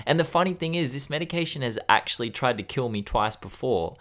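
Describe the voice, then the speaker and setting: A man's voice: mid-range voice, expressive, a little fast, hardly any pauses, a bit bright. A man in his thirties chatting casually as a podcast co-host, frank and joking about hard things, swearing freely. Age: 30s. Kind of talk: casual chat.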